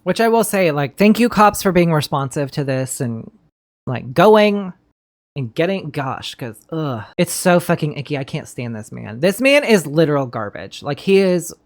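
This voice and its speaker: A woman's voice: low-pitched, sing-song, moderate pace. A woman giving blunt, emotional commentary while recapping a true-crime episode, swearing freely. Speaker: commentary host. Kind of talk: casual reaction commentary.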